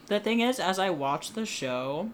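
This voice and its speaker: A man's voice: high voice, expressive, measured pace, a little hiss or hum. Sarcastic, laughing male podcast co-host. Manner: sarcastic, laughing, riffing with lots of "like". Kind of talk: casual chat.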